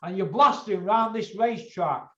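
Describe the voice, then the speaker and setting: A man's voice: high-pitched, moderate pace, a bit bright. A man hosting a boxing chat show, blunt and lecturing, swearing freely. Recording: echoey, dull lo-fi room sound.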